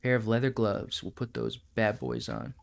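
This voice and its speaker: A man's voice: medium pitch, little pitch movement, moderate pace, gravelly. A man streaming a game live, chatting casually and thinking aloud, often breaking into laughs.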